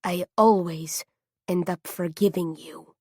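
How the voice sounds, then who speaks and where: A woman voicing Death, an ancient armored knight who speaks in a calm, patient, accented, deep and raspy way. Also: slow, no echo, clean studio sound.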